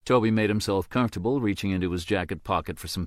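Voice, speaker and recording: A man narrating an audiobook in a steady, measured way. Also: deep voice, dry recording, studio quality.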